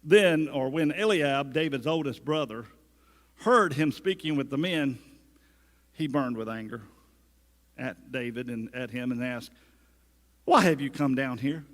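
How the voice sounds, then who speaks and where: A man's voice: mid-range voice, measured pace, long pauses, long reverb tail. A man preaching a sermon as pastor, conversational, with humorous asides and acted-out quotes. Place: church sanctuary.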